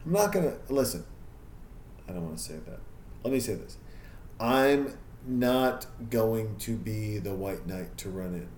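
A man's voice: lowish voice, animated, unhurried, darkish tone, a little hiss or hum. Male podcast host, casual confessional monologue, curses freely, echoey room. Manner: candid, self-critical, swears freely. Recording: echoey room with faint ambience.

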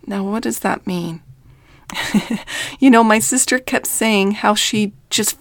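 A middle-aged woman speaks as a coach, earnest and emphatic in a faith-based reflective talk. Her pitch sits in an ordinary middle range. The recording is dry and close. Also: fairly even intonation, unhurried, no echo. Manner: earnest, emphatic, with quoted voices. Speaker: life coach.

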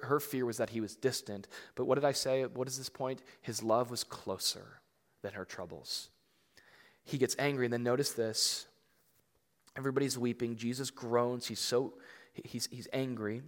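Conversational preacher in a reverberant hall. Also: male voice, mid-range voice. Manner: conversational preaching, filler-heavy and emphatic. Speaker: pastor. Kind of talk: sermon.

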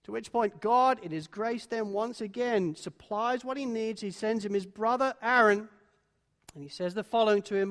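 High-voiced preacher in a reverberant hall. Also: male voice, normal speed. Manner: dramatic, acts out voices of biblical figures, swings from hushed to loud. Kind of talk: sermon.

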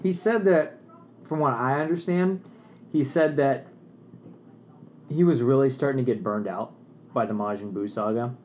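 A man's voice: mid-range voice, normal speed, pauses often, a little mellow, slight background noise. Rambling, hesitant man chatting. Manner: hesitant, rambling with many fillers. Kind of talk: casual chat.

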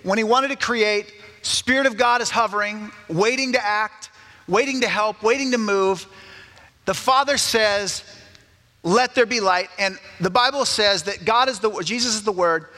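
A man's voice: high voice, normal speed, bright, forceful tone. A man preaching a sermon with emphatic rhetorical questions to the congregation. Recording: echoey hall, faint music.

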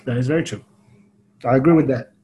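A man's voice: mid-range voice, fast, warm tone, slight background noise. A man co-hosting a podcast in casual chat, who laughs often and readily agrees. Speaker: podcast co-host.

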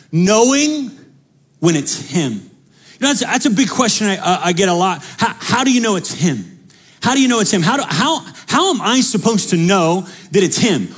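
A young male pastor with a high, husky voice, preaching with animated energy. He repeats key lines for emphasis and often restarts his sentences mid-thought. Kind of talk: sermon.

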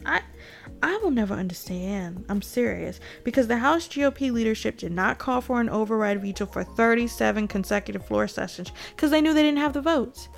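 A woman's voice: a little high, expressive, moderate pace, gravelly, soft background music. A woman giving casual, indignant political commentary straight to her viewers. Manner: indignant, addresses viewers directly, laughs between points.

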